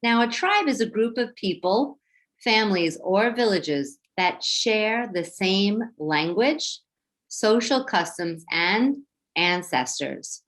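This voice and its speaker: A woman teacher with a New York accent leading a children's phonics lesson, slow, clear and encouraging as she sounds words out. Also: medium pitch, lively intonation, fairly bright tone.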